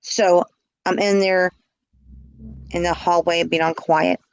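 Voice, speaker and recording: A woman's voice: fairly low pitch, little pitch movement, slow pace, gravelly, no echo, rough recording. A woman telling her own story in casual speech, blunt and emphatic, often repeating words.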